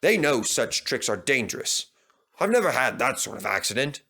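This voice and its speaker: A man voicing a modest, kindly old male mountain engine who tells his story in an unhurried way. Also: medium pitch, big pitch swings, vocal fry, pushed and bright, exaggerated voice.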